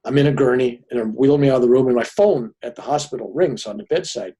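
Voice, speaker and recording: Older male guest telling a long personal story, lively and chatty, with a husky edge. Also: mid-range voice, fast. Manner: animated storyteller, often adds "right?". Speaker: podcast guest.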